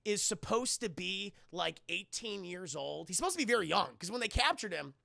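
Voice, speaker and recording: A man recapping a movie scene by scene for his live chat, animated and profane, often jumping into quick funny voices for the characters. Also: sits high, gravelly, no echo, studio quality. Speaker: movie reviewer streaming to chat.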